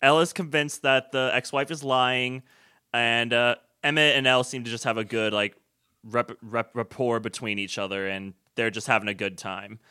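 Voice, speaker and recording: A man co-hosting a movie podcast, briskly recapping the plot in casual chat. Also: medium pitch, fairly even intonation, pushed and bright, smooth, no room sound, studio quality. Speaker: podcast co-host.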